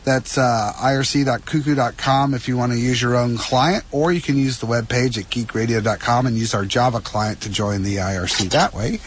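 A man's voice: medium pitch, fairly quick, few pauses, slight background noise. A man hosting a tech radio show, bantering casually and joking with laughing asides. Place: radio studio.

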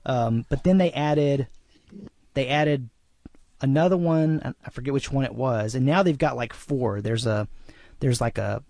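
A man's voice: mid-range voice, unhurried, gravelly, dark tone, dry recording. Rambling man chatting on a radio show. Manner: rambling, full of fillers and restarts. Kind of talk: casual chat.

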